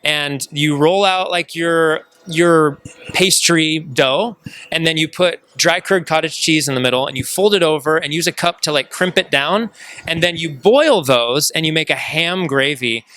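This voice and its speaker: A man's voice: a little high, unhurried, bright, forceful tone, dry recording. A man hosting a casual chat, upbeat and chatty, asking friendly questions. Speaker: host.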